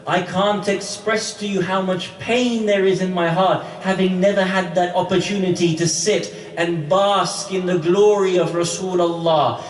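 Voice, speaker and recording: A man voicing a grieving, devout man who pleads earnestly, in a higher and louder voice than his usual talk. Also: steady tone, a little slow, hardly any pauses. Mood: pleading, aching. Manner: impassioned, raised and louder than the lecturer's usual voice. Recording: roomy hall from a distant mic.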